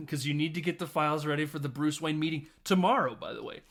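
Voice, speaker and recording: A man hosts a podcast and recaps a film scene by scene. His voice sits a little high, and he laughs often and slips into the characters' lines. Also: a little fast, a bit bright. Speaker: podcast host. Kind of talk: casual film recap with acted quotes.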